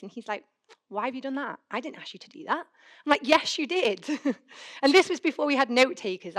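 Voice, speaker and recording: Young woman, conference speaker, rapid and chatty, slightly high voice, acts out her inner monologue. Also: a bit bright. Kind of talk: conference talk with anecdotes. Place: conference hall.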